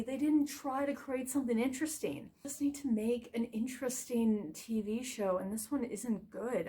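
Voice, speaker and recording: A woman giving a casual, scattered video review, frustrated and animated, with lots of fillers and restarts. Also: on the high side.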